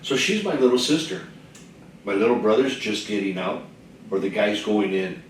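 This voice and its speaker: A man's voice: on the low side, moderate pace. A man, a veteran, telling stories in casual group talk and acting out the exchanges he quotes. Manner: animated, acts out quoted exchanges. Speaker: veteran guest on a panel. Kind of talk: casual storytelling in a group chat. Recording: echoey room, voice from far off mic, faint noise.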